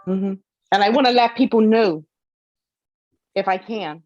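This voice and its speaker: A woman's voice: medium pitch, a little slow, darkish tone, no room sound, dull audio, soft background music. A woman guest telling her own story with emotion, tearful and pleading, repeating herself for emphasis. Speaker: interview guest.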